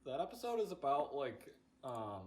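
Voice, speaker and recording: Young podcast guy, casual, says like constantly, mid-pitched voice. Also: very animated, moderate pace, darkish tone. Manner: rambling explanations full of "like". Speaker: podcast co-host. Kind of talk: casual chat.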